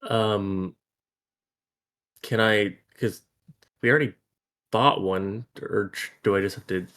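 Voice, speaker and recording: A man's voice: lowish voice, steady tone, slow, fairly bright tone, smooth. A man playing a tabletop game, talking hesitantly with many ums. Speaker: player. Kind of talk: casual tabletop play.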